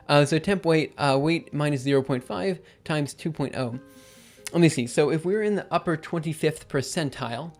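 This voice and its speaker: Young man live coding, thinking aloud. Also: on the high side. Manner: thinks aloud with many fillers and self-corrections. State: losing his voice. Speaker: livestreaming programmer. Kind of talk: casual live coding commentary.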